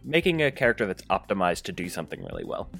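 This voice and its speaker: Low-voiced man explaining calmly. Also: fast, gravelly, soft background music. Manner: calm and explanatory. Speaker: game master and podcast co-host. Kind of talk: casual podcast chat.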